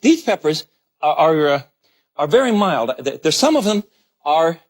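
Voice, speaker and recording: A husky, fairly high-voiced middle-aged man hosts a cooking show from a narrow studio kitchen. His pitch swoops up and down as he gushes over every dish he shows. He talks like a seasoned TV demonstrator. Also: big pitch swings, moderate pace. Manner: effusive, exclaims over the food. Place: galley-style studio kitchen.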